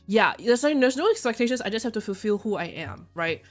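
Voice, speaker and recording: Chatty young woman streamer, faint music. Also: brisk. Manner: chatty and candid, swearing freely with excited shrill outbursts. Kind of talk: casual chat.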